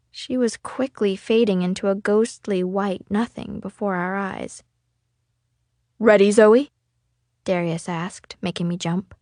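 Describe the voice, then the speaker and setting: Woman narrating a novel aloud, expressive first-person read, dry and close sound. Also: medium pitch, dry recording. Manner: casual, expressive storytelling. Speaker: audiobook reader.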